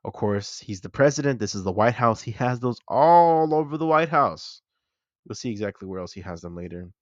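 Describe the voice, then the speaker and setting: A young man hosting a movie channel, chatting excitedly and correcting himself as he breaks down a trailer. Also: medium pitch, normal speed, dry recording, muffled recording. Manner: excited, chatty, self-correcting fan talk.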